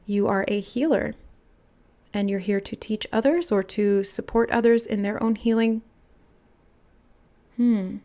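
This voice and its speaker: A woman giving an intuitive tarot reading, musing aloud in a soft, channeling manner as she relays messages. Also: mid-range voice, a little slow, long pauses. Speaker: tarot reader.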